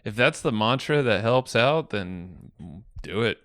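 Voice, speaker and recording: A man co-hosting a casual podcast, animated and laughing often. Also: medium pitch, a little slow, dry recording, clean studio sound. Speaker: podcast co-host.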